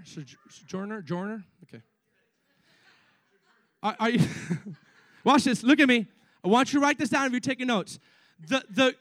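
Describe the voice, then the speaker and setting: High-voiced excitable male preacher. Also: no room sound. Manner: excitable, repeats words, frequent asides to the congregation. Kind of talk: energetic sermon.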